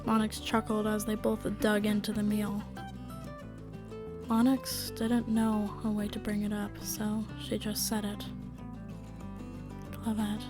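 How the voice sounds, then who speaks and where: Slow, level-toned woman narrator. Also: mid-range voice, monotone. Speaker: storyteller. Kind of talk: scripted story narration. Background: faint music.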